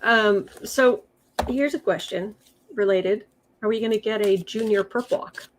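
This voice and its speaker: A woman's voice: mid-range voice, measured pace, slight background noise. A woman hosting a casual livestream, reading tarot cards aloud with sarcastic, chatty asides. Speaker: tarot reader and livestream host.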